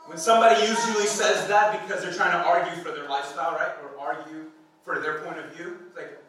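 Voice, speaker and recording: A man's voice: a little high, fairly even intonation, brisk, fairly bright tone, far from the mic. A man in his thirties preaching a sermon in a playful, conversational way, full of rhetorical questions to the congregation. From Hispanic background. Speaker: pastor. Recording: echoey hall, speaker off-mic.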